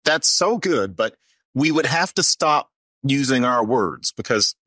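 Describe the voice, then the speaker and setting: A man's voice: mid-range voice, measured pace, no room sound. A man talking as a guest, explaining ideas conversationally. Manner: animated, expressive intonation. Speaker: guest linguist.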